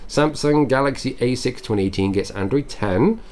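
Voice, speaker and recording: A man's voice: medium pitch, moderate pace, a little mellow. A man hosting a casual tech news show, reading headlines aloud and adding offhand chatty asides. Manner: reads headlines then adds offhand chatty asides and musings.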